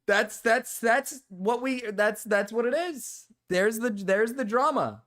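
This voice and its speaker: A man's voice: very high voice, takes it slowly, a bit bright. A man streaming live, commenting with incredulous, repetitive remarks and casual swearing. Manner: repeats himself, swears, incredulous. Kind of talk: livestream commentary.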